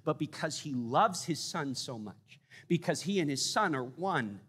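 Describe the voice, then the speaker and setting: A man preaching a sermon, emphatic, rising to loud peaks and dropping to quiet, low lines. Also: expressive, measured pace, slightly rough. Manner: emphatic, swings between loud rises and quiet drops. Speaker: pastor. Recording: long hall reverb.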